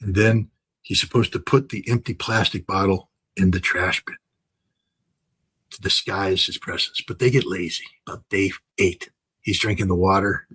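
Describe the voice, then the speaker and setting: A man's voice: low voice, fairly even intonation, moderate pace, fairly bright tone, slightly rough, poor audio. An older man giving impassioned commentary, talking emphatically with many fillers, restarts and repetitions.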